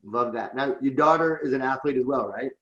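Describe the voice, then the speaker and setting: A man's voice: medium pitch, brisk, a bit bright, muffled recording. A man interviewing a guest, asking brief, encouraging questions.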